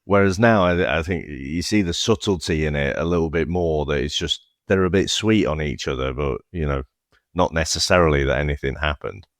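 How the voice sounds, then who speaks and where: A man's voice: extremely low pitch, brisk, dry recording, studio quality. A man, casually reviewing a film as podcast co-host, swearing and laughing as he talks. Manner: swears freely, laughs often, restarts words.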